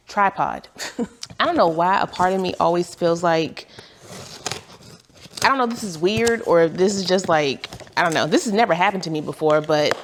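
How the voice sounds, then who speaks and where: A woman's voice: on the low side, moderate pace, slight background noise. A woman vlogger chatting casually at home while unboxing packages, rambling and laughing at herself, with a lilt. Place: home, on the couch.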